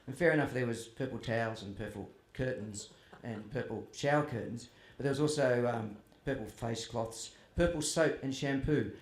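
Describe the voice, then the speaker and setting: A man's voice: mid-range voice, normal speed, hardly any pauses. A man telling humorous stories about his family to a festival audience, chatty and self-deprecating. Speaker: author speaking at a festival. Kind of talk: humorous storytelling to a live audience. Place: festival tent or hall with audience. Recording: roomy hall with faint ambience.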